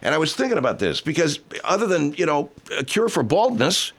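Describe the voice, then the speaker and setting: An actor playing a brash, crude male pitchman in a comedy sketch, blustering and defensive. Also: very animated, a little fast, fairly bright tone. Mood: scheming. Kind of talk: improvised comedy sketch acting.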